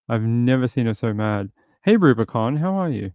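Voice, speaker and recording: A man's voice: mid-range voice, normal speed, darkish tone, clear, resonant tone, no room sound. A man hosting a casual livestream, greeting viewers by name and chatting loosely with lots of fillers. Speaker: host.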